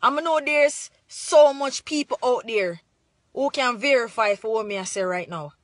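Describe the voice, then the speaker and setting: A woman's voice: on the high side, expressive, unhurried, no room sound. A young adult woman from Jamaica with a Jamaican accent, speaking earnestly to the camera and sliding into patois as she urges pride in her country. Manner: earnest, preachy, slides into patois. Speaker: vlogger. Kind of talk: impassioned talk to camera.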